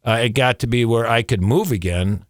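A man's voice: mid-range voice, brisk, no echo, clean studio sound. A man telling a long story as a guest on a radio show, repeating words and chuckling as he goes. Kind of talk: casual storytelling.

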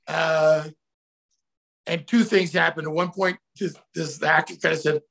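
Middle-aged male guest, gravelly and fairly high, animated storyteller who shouts out his quotes. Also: moderate pace. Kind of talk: casual storytelling.

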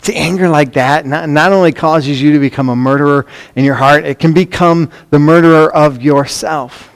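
A man's voice: on the high side, steady tone, moderate pace. A man preaching a sermon, emphatic and earnest, often repeating words as he drives points home. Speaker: pastor.

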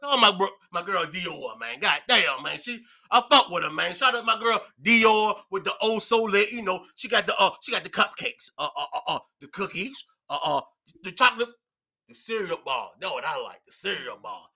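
A man's voice: high-pitched, expressive, moderate pace, pushed and bright, slightly rough. A man chatting casually as a podcast guest, boisterous and profane, laughing often. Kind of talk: casual chat.

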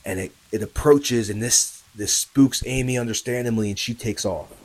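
A man with a husky, slightly breathy voice narrates a true story for his podcast. He keeps it loose and chatty, speaks straight to the listener, and presses louder and more urgent as the story builds. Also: medium pitch, normal speed, poor audio. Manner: conversational, addresses listeners, many fillers and tag questions; grows louder and more urgent at tense moments.

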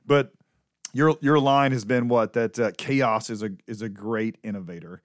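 Easygoing pastor co-host, dry close sound. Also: male voice, medium pitch, moderate pace, no echo. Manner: easygoing, teasing. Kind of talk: casual podcast chat.

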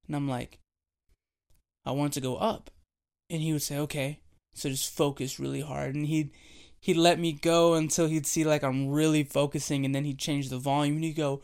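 A young man preaching a devotional sermon, telling a childhood story with animated, playful delivery. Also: a little high, moderate pace, clean tone. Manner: animated storytelling, acting out voices and laughing.

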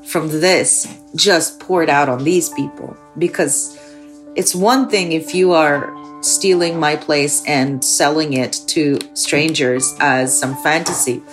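A woman from the former Soviet Union telling her personal story with emphatic, animated delivery. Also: sits low, slow pace, faint music behind. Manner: emphatic, rising when recalling anger.

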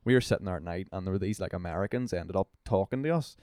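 A man's voice: sits low, quick pace, mellow, no echo, studio quality. A young Northern Irish man chatting as a podcast guest, telling rambling anecdotes full of swearing and fillers. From Northern Ireland. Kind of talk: casual storytelling chat.

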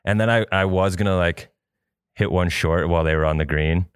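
Brisk and low, with a clean tone, a male podcast co-host tells a long, wandering story in relaxed chat, cursing without restraint. The studio sound is clean with no room sound.

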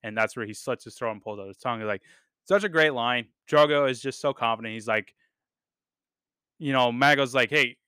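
Male podcast host, casual enthusiastic reviewer, filler-heavy delivery; bright, smooth tone. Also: mid-range voice, a little fast, no room sound, clean studio sound. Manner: rambling, enthusiastic, many fillers and casual swearing. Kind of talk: casual chat.

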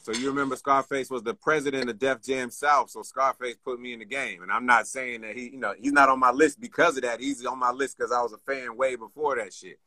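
A man's voice: mid-range voice, steady tone, fairly quick, hardly any pauses, sharp tone, no echo. A man who is a guest on a casual interview over a video call, answering in a thoughtful, laid-back and friendly way.

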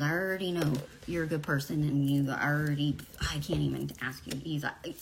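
A woman's voice: deep voice, fairly even intonation, moderate pace, creaky, a little hiss or hum. A woman in her forties talking candidly to camera, blunt and profane, rambling through personal stories. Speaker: vlogger.

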